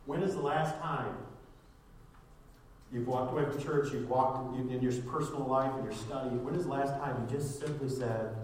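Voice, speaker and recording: A middle-aged man preaches a sermon, drifting through homely stories with asides tossed in along the way. His voice comes from some distance off the microphone and rings around a very reverberant church hall. A steady background noise sits under his words. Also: mid-range voice, normal speed. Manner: rambling, folksy storytelling with many asides. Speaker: pastor. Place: church sanctuary.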